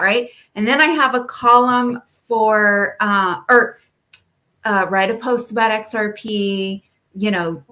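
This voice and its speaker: Animated woman with a bright voice. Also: medium pitch. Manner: animated, laughing, rambling explanations. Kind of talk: casual live audio chat.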